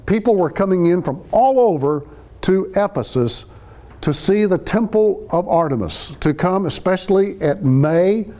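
In a high-pitched, warm, expressive voice at a measured pace, a male Bible teacher works through verses conversationally. He explains every phrase and acts out the quotations as he goes.

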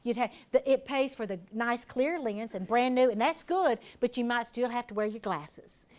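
An older woman gives a relaxed talk on health to a group of listeners. Her voice sits a little high, and she keeps it chatty, stopping now and then to ask the room a question. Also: moderate pace. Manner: folksy and conversational, asks the audience questions. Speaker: health educator speaking to a seniors group. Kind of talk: informal health talk to a live audience.

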